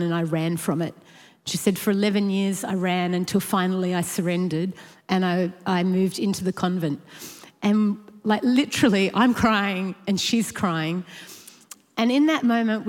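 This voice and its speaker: A woman recounting a personal story to a church audience, lively and quick to laugh. Her voice carries a long reverb tail, as if recorded in a large hall. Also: medium pitch. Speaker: church speaker sharing a story. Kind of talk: storytelling talk.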